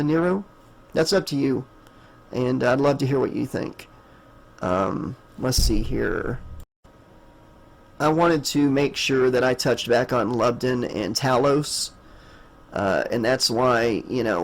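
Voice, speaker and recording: A man at an ordinary middle pitch talks off the cuff about writing his book. He rambles, circles back on himself with plenty of ums and uhs, and thanks his listeners warmly. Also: low-quality recording. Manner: rambling, lots of fillers, warm thanks. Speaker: audiobook narrator and author. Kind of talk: casual afterword talk to listeners.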